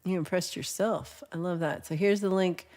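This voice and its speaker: A woman's voice: fairly low pitch, fairly even intonation, moderate pace, a little mellow. A woman hosting a casual livestream, chatting, teasing and laughing as she reads viewer comments. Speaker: livestream host.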